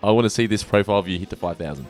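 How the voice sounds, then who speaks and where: A man's voice: lowish voice, very fast, soft background music. A man hosting a podcast in casual chat, teasing his co-host and laughing often.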